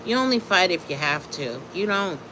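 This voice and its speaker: A woman chatting casually on a live stream, telling a story with animated energy and greeting her chat viewers. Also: on the low side, normal speed, noisy background.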